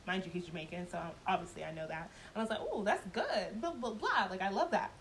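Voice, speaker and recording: A woman's voice: medium pitch, expressive, fast talker, slight background noise, low-quality recording. Blunt, profane woman telling a story. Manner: laughs often while telling. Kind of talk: casual storytime chat.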